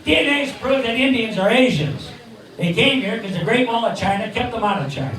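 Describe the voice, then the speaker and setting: A man's voice: extremely high pitch, expressive, brisk, fairly bright tone. A man in his sixties from Cleveland doing stand-up comedy and a ventriloquist act, jokey with rambling punchlines. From Cleveland, Ohio. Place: neighborhood bar stage. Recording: echoey bar, distant mic, crowd.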